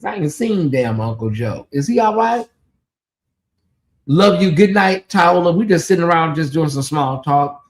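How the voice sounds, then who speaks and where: A channel host giving sassy live commentary on a TV show, reading viewer names aloud and breaking into loud exclamations. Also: medium pitch, expressive, measured pace.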